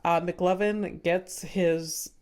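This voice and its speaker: A woman's voice: lowish voice, fairly even intonation, very slow, a little mellow, clean tone. A young woman co-hosting a podcast in casual chat, talking things through and laughing often. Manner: chatty, laughs often, acts out movie scenes. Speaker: podcast co-host.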